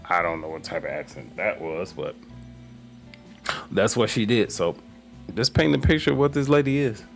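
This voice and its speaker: A man hosting political commentary, ranting with scorn and swinging between low mutters and loud outbursts. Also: expressive, moderate pace, faint music behind.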